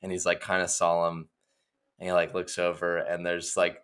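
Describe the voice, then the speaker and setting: A young man with a low, bright and forceful voice co-hosts a laid-back comedy podcast. He riffs loosely and jumps into quick voices for the people he imagines. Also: monotone, smooth. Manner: acts out imagined scenes with quick put-on voices. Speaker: podcast co-host. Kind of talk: casual comedic chat.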